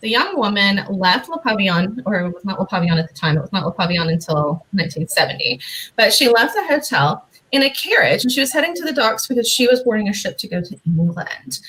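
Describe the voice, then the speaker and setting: A woman hosting a talk show, telling a haunted history story with lively, playful asides. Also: medium pitch, poor audio. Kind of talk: hosting a history and mystery segment.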